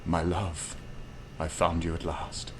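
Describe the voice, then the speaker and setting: A man doing a deep sultry lover. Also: monotone, slow pace, background noise. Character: seductive deep-voiced male lover.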